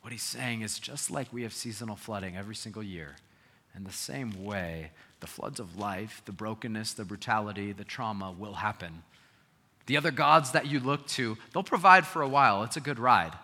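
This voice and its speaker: A man preaching a sermon as pastor, earnest, swinging between loud emphasis and quiet asides. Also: lowish voice. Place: church sanctuary. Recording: long hall reverb.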